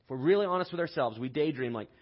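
Husky-voiced man preaching a sermon. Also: mid-range voice, animated, very fast, dull audio. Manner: conversational storytelling, rhetorical questions. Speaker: pastor.

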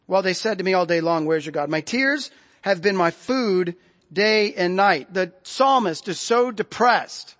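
Conversational male preacher in a reverberant hall. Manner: conversational preaching, drops to soft low tones for emphasis. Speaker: pastor. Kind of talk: sermon. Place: church sanctuary. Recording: long reverb of a large hall.

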